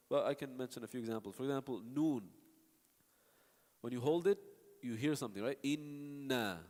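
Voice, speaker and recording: In a darkish mid-range voice, a man patiently explains recitation to a class, stopping to demonstrate sounds and answer students. The classroom teaching echoes with long hall reverb.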